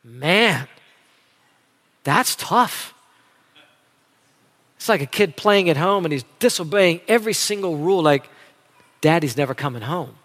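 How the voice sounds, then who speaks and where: Man, pastor preaching, high-pitched, dramatic, long church-hall reverb. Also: a little slow, long pauses, a little hiss or hum. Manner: animated, dramatic preaching with shifts between loud and soft. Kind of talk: sermon.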